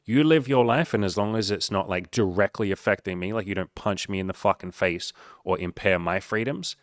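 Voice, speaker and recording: A man coaching straight to camera, his voice on the low side and recorded in a dry space. He speaks bluntly and emphatically, cursing freely as he pokes fun at self-doubt. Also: brisk, no echo. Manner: blunt and profane, heavy swearing; emphatic, mocks the listener's inner voice. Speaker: life coach. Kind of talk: motivational monologue.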